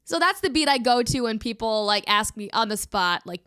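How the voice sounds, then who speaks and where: Young woman vlogger, getting over a cold, giggly casual chatter, smooth clear tone. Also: fairly high pitch, expressive, a little fast, a bit bright, no room sound, studio quality. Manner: chatty, giggly, lots of "like" fillers. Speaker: beatboxer and YouTuber. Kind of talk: casual vlog chat.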